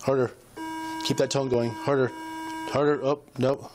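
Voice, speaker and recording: A police officer calmly drills short, repeated commands, coaching a driver through a breath test. His middle-pitched voice stays even and patient. Body-camera audio carries steady noise throughout. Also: a little slow. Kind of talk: giving breath-test instructions.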